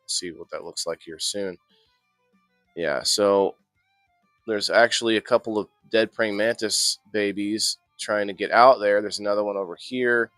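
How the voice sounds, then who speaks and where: A man's voice: on the low side, a little slow, a bit bright, dry recording, studio quality, faint music behind. A man hosting a casual indoor gardening live stream, chatting loosely with plenty of restarts. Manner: rambling, chatty, frequent restarts and laughs. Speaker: host of an indoor growing show.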